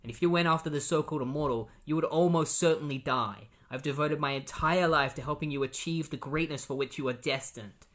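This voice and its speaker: A man voicing a stern, scheming middle-aged father who is secretly an android agent, speaking quietly and coldly. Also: a little high, a little fast, few pauses, natural voice. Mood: insistent.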